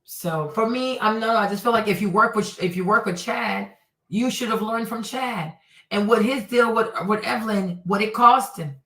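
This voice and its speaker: A woman hosting a celebrity commentary show, talking in an animated, exasperated way as she roasts people, mixing in a few Spanish phrases. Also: medium pitch, normal speed, roomy sound, far from the mic, poor audio.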